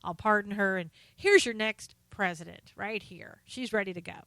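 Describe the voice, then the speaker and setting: A woman's voice: mid-range voice, normal speed, a bit bright, dry recording, lightly acted. A woman doing a mocking impression of a smug male politician promising favors.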